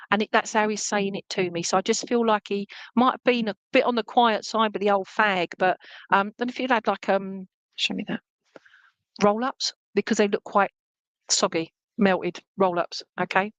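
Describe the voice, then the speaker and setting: A woman's voice: medium pitch, normal speed, long pauses, no room sound, low-quality recording. A woman working as a spiritualist medium, giving a chatty clairvoyant reading in an online church service and often checking in with "okay?" and "all right?". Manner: relays a spirit's words in a lively, joking way.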